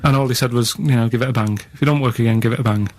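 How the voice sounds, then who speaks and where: A man's voice: mid-range voice, fairly even intonation, racing, darkish tone, dry recording. Grumbling plain-spoken man. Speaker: radio show regular. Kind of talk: casual radio banter.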